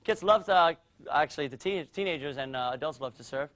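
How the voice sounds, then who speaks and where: A man's voice: a little high, fast. A man teaching a kids' martial arts class, calling out drills with energy in a studio. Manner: energetic coaching, calls out drills.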